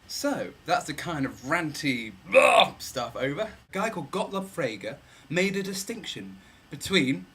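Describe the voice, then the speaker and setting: A man's voice: on the high side, sing-song, a little slow, bright, forceful tone, slight background noise. A young man casually explaining a philosophy idea on his vlog, playful and rambling, repeating words for effect.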